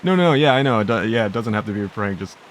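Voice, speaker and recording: A man's voice: fairly low pitch, lively intonation, fast, a little hiss or hum. A man casually live-streaming a game, jokey, reading chat messages aloud. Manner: jokey, reads chat aloud, laughs often.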